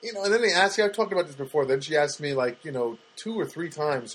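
Husky middle-aged man rambling comically. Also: on the high side, fairly bright tone, low-quality recording. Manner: halting and rambling, with many fillers and restarts; dry, self-mocking. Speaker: podcast host. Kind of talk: rambling comedic monologue.

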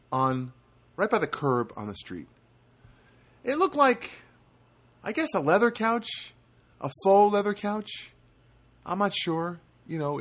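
Middle-aged man, solo podcast host, rambling, self-deprecating, lots of fillers, animated pitch.

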